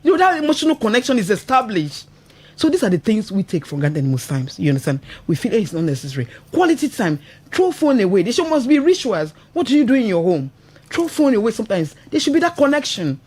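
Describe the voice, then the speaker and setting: A woman's voice: on the high side, big pitch swings, quick pace, a little mellow, breathy edge. A Nigerian woman hosting a radio talk show. She speaks with feeling and laughs often, checking in with "you understand?" as she goes. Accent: Nigerian English. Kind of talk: casual radio talk about marriage. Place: radio studio.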